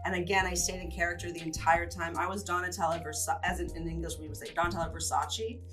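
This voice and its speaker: A woman's voice: on the low side, fast, faint music behind. An English teacher, a woman, chatting casually and enthusiastically about costumes. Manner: enthusiastic, animated storyteller. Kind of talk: casual chat.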